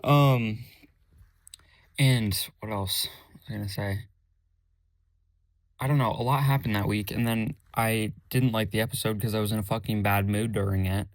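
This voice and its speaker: Young male podcast host, casual and rambly, flat delivery, dry close-miked sound. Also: on the low side, normal speed, pauses often, no echo. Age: young adult. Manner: rambling, self-correcting, says his voice is monotone. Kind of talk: casual solo podcast chat.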